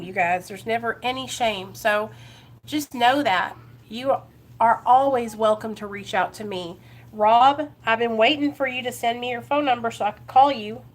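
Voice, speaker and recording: A woman's voice: fairly high pitch, moderate pace. A woman from Ohio talking on a live recovery vlog, earnest and encouraging, speaking straight to her viewers and greeting them by name. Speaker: recovery vlogger. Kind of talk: casual live-stream chat.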